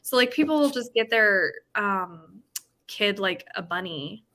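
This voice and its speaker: A young woman in her twenties chatting casually with a friend, full of fillers and animated about her pet rabbit. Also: mid-range voice, a little slow. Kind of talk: casual chat.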